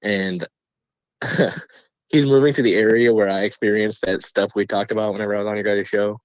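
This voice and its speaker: Low-voiced man telling ghost stories. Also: moderate pace, no room sound, highs cut off. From Black Hills area, USA. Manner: animated storyteller, laughs often. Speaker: podcast guest, paranormal video maker. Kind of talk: casual chat.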